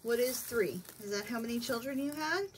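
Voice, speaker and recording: A woman investigating a haunted house, asking the spirits slow, patient and coaxing questions from a basement. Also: on the high side, slight background noise. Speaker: paranormal investigator. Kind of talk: questioning spirits in a ghost hunt.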